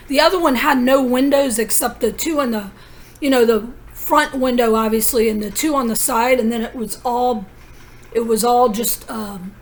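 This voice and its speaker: A woman vlogging in a rambling personal monologue, telling her story in an urgent, conspiratorial way with many asides. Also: on the high side.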